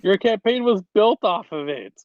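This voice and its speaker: A man chatting casually on a live stream, joking and quick to laugh. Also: sits high, lively intonation, dull audio, slight background noise. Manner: jokey, quick to laugh, looking things up mid-talk.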